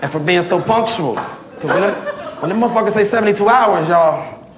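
High-voiced brash male stand-up comic. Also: animated, brisk. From Tidewater, Virginia, USA. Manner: brash, profane, punchy with loud outbursts. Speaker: stand-up comedian, military veteran. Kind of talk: stand-up comedy set. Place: comedy club stage. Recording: roomy club with audience laughter. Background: crowd laughing and clapping.

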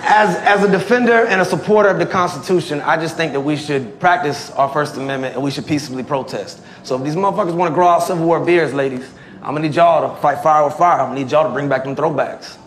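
A man in his forties from Virginia doing a profane stand-up comedy set, with loud bursts and laughing through his punchlines. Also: on the high side, fast talker, hardly any pauses, a little hiss or hum. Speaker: stand-up comedian and military veteran. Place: comedy club stage before a live audience. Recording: echoey club with loud crowd laughter.

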